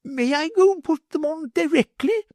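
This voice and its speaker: A man voicing a silly, greedy noblewoman who adores intrigue, in a shrill, gushing voice. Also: normal speed, darkish tone, dry recording, clean studio sound.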